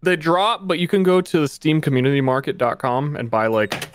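A man's voice: fairly high pitch, lively intonation, moderate pace, slight background noise. A man explaining things plainly while chatting over a game with friends. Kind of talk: casual gaming chat.

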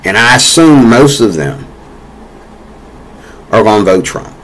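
A man's voice: fairly low pitch, very animated, measured pace, fairly bright tone, low-quality recording. An American man delivering a political opinion rant in a rambling, repetitive way, full of fillers and growing heated. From United States. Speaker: vlogger.

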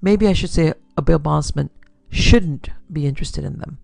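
A woman doing a gently polite gangster. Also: deep voice, moderate pace, creaky, no room sound, studio quality, heavily acted. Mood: smooth menace. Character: soft-spoken pudgy gangster man, polite and menacing.

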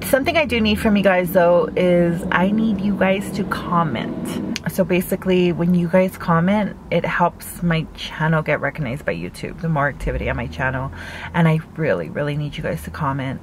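Chatty woman vlogger, low-ish voice, phone-recorded in a parked car, faint background noise. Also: moderate pace. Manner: chatty, laughs at own jokes, full of "like". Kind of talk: casual mukbang chat.

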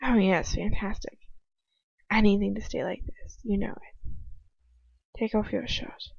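A woman reads a first-person story aloud in an amateur, casual way, sometimes stopping to remark on the text. Her voice sits at mid pitch. The recording is dry and slightly muffled. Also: measured pace, vocal fry, husky, no room sound. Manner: casual, breaks off to comment and laugh. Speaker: fanfiction reader.

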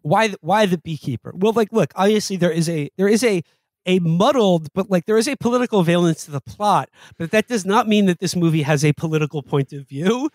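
High-voiced wry man, dry mic. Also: a little fast, no room sound. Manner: rambling, wry, trails off and restarts. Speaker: podcast co-host. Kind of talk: casual comedic chat.

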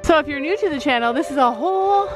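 Woman, vlogger, casual chat to camera, upbeat, high voice, outdoors on a farm, handheld camera. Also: expressive, quick pace, over music, rough recording. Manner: chatty, upbeat, laughs often. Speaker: vlogger, mother. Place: outdoors on a farm, walking through woods and fields.

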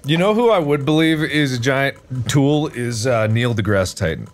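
A man's voice: medium pitch, expressive, normal speed. A man co-hosting a gaming podcast, joking and laughing often while he plays a co-op video game with friends. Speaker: co-host. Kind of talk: casual chat while playing a co-op video game.

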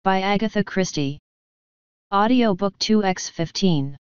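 A woman narrating an audiobook in a steady, measured reading style. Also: mid-range voice, smooth, no room sound. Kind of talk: scripted narration. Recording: dull lo-fi dry recording.

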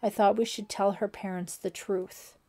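A woman voicing a secretive, defensive teenage boy counselor in an audiobook, gruff and loud. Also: medium pitch, steady tone, normal speed, natural voice. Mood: pleading.

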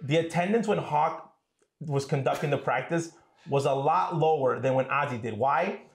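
A man in his thirties, co-hosting a casual chat at home, recalling stories quickly and with enthusiasm. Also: a little high. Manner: rapid, enthusiastic recollection. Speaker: co-host, son of the host. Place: home room. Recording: roomy echo.

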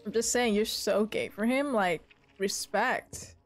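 A young woman streaming a video game, chatting casually and often yelling and laughing at what happens on screen. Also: medium pitch, a little slow. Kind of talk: casual gameplay commentary. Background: game music.

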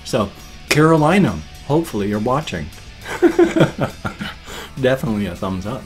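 A man's voice: medium pitch, lively intonation, normal speed. Give me a chatty man in his fifties who keeps getting sidetracked, with faint guitar music behind. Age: 50s. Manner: rambling, chatty, easily sidetracked. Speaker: vlogger. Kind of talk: casual chat.

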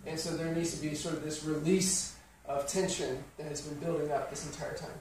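A man's voice: on the high side, steady tone, brisk. Man teaching piano in an echoey room. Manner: explanatory, counts beats aloud over playing. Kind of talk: piano lesson walkthrough. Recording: very echoey room, slightly distant mic, piano playing.

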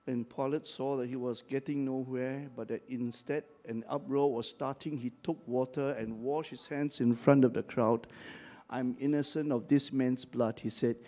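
A man's voice: mid-range voice, steady tone, moderate pace. An older man preaching a dramatic sermon and leading the congregation in call-and-response. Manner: dramatic, leads the crowd in call-and-response shouts. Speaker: pastor.

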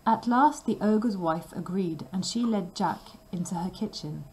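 Slow, careful woman reading a story. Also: mid-range voice, darkish tone, poor audio. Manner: slow, careful and clearly paced. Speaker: storybook reader.

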